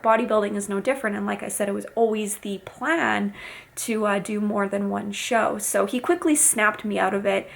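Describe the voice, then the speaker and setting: Her voice is gravelly with some vocal fry, medium in pitch, steady in tone, and at a normal speed. She's a fitness coach and bikini competitor, casually and frankly recapping her competition for her vlog audience, sprinkling in relaxed fillers.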